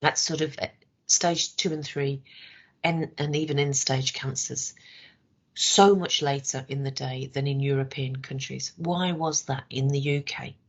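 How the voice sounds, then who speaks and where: A woman with a worn, hoarse voice, leading a training session in a conversational way and checking in with rhetorical questions. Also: rumbling low, steady tone, measured pace. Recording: dull lo-fi recording.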